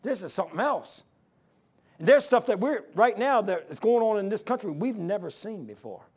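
A man preaching a sermon, swinging between loud exhortation and low hushed asides. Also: very animated, fairly quick, slightly rough. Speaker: pastor.

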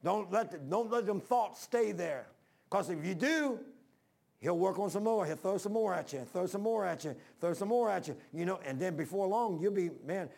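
A man's voice: sits high, vocal fry, a little mellow. A male preacher giving a folksy, rambling sermon, talking straight to his congregation.

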